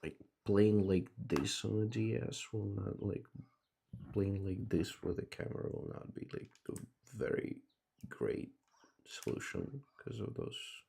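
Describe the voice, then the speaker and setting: A man commentates a handheld game on a live stream, his voice dark and gravelly. He talks at an unhurried pace, musing aloud, then calls out loudly to a virtual puppy, swearing in his excitement. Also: on the low side, slight background noise.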